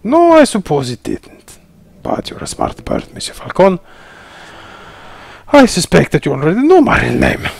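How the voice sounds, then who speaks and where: A sly, suave fox con man with a mock Spanish accent, put on by a man reading a game aloud. His smooth, drawn-out lines swing up and down with a slight gravelly edge. The voice sounds dry and close, with soft game music underneath. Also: fairly high pitch, wildly swooping pitch, dry recording, full character voice. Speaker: game player voicing characters.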